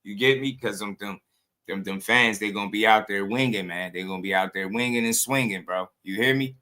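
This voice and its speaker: A man's voice: on the low side, fairly quick, bright, forceful tone. A man hosting a boxing channel, talking in loose, slangy commentary and often breaking into laughter.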